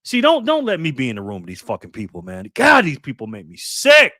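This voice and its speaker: A man's voice: medium pitch, wildly swooping pitch, brisk, vocal fry, pushed and bright, dry recording, studio quality. A man in his fifties from New York State, hosting a live political commentary stream and ranting angrily with lots of profanity. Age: 50s. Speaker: livestream host.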